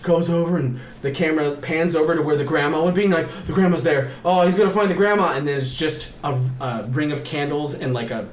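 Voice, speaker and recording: A man on a casual podcast retells a horror movie scene by scene, slipping into the characters with gasps, shouts and plenty of swearing. His voice sits a little high. The room is echoey, with faint background noise. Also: a little fast, hardly any pauses. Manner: animated storyteller, acts out characters with gasps and shouts, swears often. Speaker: podcast co-host.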